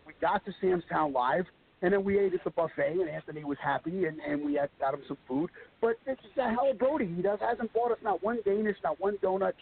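A man with a high, raspy-edged voice tells a comic story. He talks in lively, animated bursts. The sound is thin and phone-like, with a faint hiss behind it. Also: a little fast. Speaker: wrestler guest. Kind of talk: casual podcast chat.

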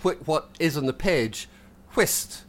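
A man with a Scottish accent chatting casually on a podcast, self-deprecating and quick to laugh, with lots of restarts. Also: medium pitch, sing-song, fairly bright tone. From Scotland. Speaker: podcast co-host.

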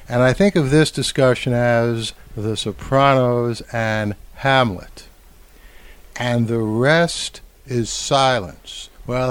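Slow, measured male podcast commentator. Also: medium pitch, clean tone. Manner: measured, reflective, slows to stress words. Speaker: podcast host and media commentator.

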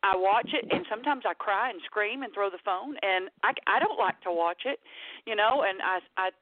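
A woman calling in to a talk show, telling a personal story in an emotional, animated, halting way. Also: mid-range voice, dry recording. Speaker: caller. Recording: dry tinny phone line.

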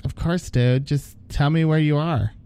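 A man's voice: on the high side, measured pace, dark tone, smooth, dry recording, voice pushed up. A man voicing a caring, casual young woman answering a friend. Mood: friendly.

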